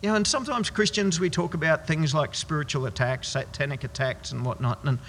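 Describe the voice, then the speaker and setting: A man preaching a sermon as pastor, emphatic and slowing down hard on key words, in a church hall. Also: on the high side, fairly bright tone, slight background noise.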